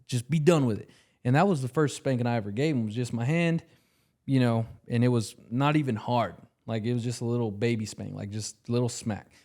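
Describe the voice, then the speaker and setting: A man's voice: mid-range voice, fairly quick, darkish tone. A young man co-hosting a podcast, telling a personal story in casual chat, earnest and full of fillers. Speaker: podcast co-host.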